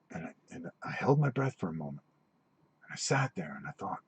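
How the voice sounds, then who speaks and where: Husky, animated man chatting on a live stream. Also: low-pitched, normal speed, pauses often. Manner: rambling, animated storytelling with many restarts. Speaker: host of a tabletop gaming channel.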